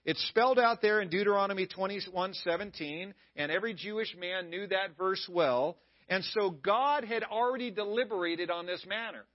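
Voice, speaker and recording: A man with a high voice preaches a sermon to his church. He keeps it conversational and drops playful asides to the congregation. The sound is dull and lo-fi. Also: moderate pace. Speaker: pastor. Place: church service.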